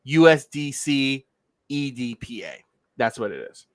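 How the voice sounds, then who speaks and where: A man's voice: medium pitch, sing-song, unhurried, no echo. A man from Pennsylvania hosting a casual livestream, walking through a legal filing and skipping the boilerplate. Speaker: livestream host.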